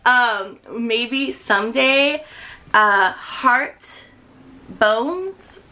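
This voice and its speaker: A woman in her twenties chatting excitedly to camera about books she loves, with lots of fillers. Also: fairly high pitch, very slow, poor audio. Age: 20s. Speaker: book vlogger. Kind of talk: casual chat to camera.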